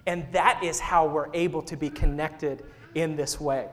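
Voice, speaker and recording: With a fairly bright voice on the high side, a man in his thirties talks at normal speed. He's a senior associate pastor delivering a sermon in a church sanctuary, playfully telling a story while joking and laughing with the congregation.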